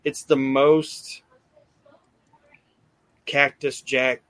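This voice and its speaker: A man hosting a podcast, retelling events in an animated, casual way and acting out quotes, swearing freely. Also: mid-range voice, drawn-out words, dry recording. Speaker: podcast host recapping wrestling. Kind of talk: casual chat.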